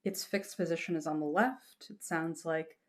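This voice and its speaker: A woman's voice: deep voice, normal speed. A woman teaching a lesson patiently, explaining step by step and reassuring her students, breaking into short chanted examples.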